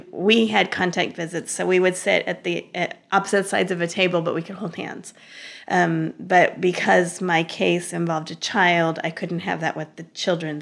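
A woman as an interview guest, telling her story in an animated, conversational way with frequent laughter, fillers and restarts. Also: lowish voice, vocal fry. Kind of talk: conversational personal testimony.

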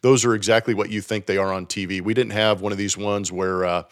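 Lively low-voiced man spinning a yarn. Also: brisk. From Southern California. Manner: animated storyteller, many fillers. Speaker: former professional baseball player. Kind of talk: casual podcast chat.

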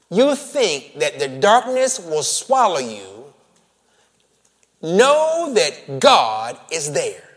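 A man delivers a sermon in the long reverb of a large hall, shifting from hushed whispers to loud, emphatic calls and addressing his listeners as family. His fairly high voice swings hugely in pitch, and he draws out words for emphasis.

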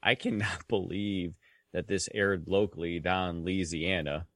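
A man's voice: low voice, steady tone, a little slow, no room sound, clean studio sound. A man co-hosting a casual sports podcast, telling stories in a laid-back drawl. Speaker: podcast co-host.

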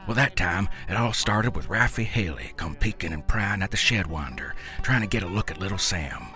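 A man's voice: sits low, lively intonation, normal speed, pushed and bright, faint music behind. A man reading a first-person story aloud in a folksy, drawling rural dialect. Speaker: narrator.

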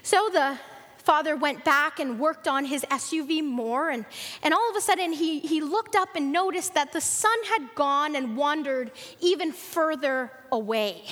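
A woman with a high voice preaches to her congregation with earnest storytelling and lets her voice climb for the characters. Her words carry a long reverb, as if spoken in a large church hall. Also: a little slow, fairly bright tone. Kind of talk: sermon storytelling.

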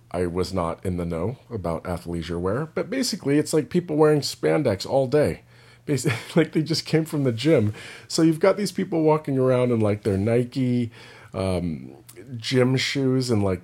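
A man with a lowish voice talks through a relaxed, meandering vlog. His thoughts wander freely and he leans heavily on "like". He sounds unhurried and personal. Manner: loose and meandering, heavy use of "like". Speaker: indie rock singer and vlogger. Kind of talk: casual rambling vlog chat.

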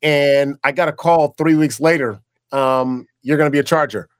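Animated storytelling former football player. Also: male voice, a little high, moderate pace, smooth, no room sound, studio quality. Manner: animated storyteller who acts out quoted dialogue, with frequent restarts. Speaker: guest, former pro football player turned broadcaster. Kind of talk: casual storytelling interview.

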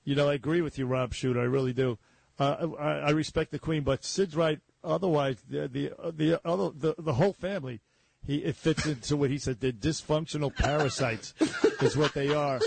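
A man co-hosting a radio talk show, giving gruff, blunt opinions. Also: fairly high pitch, fairly quick, darkish tone, no echo, rough recording.

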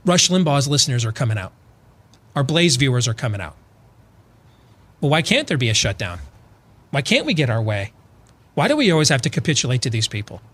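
A man co-hosting a political talk radio show, telling a story with acted-out quotes and building to loud, emphatic points. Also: mid-range voice, sing-song, a little fast, long pauses, husky.

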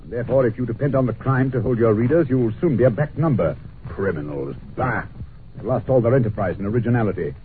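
An actor playing an irritable, brilliant detective in a 1940s radio drama, talking in a testy, clipped, scornful way. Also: male voice, medium pitch, expressive, fast talker, close to an everyday voice. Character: irritable, brilliant male detective, middle-aged. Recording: scratchy lo-fi old radio broadcast.

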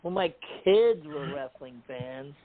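A middle-aged man with a fairly high voice tells an embarrassing story in a casual chat. He laughs often and acts out the lines of the people in it. The sound is thin and tinny, like a phone line. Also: slow, crowd noise. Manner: animated, laughing, acts out quotes.

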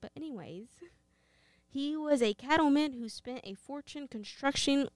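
A woman's voice: high-pitched, moderate pace, no echo. A woman from Texas with a Texan accent, co-hosting a podcast in casual, sarcastic banter. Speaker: podcast co-host. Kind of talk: casual chat.

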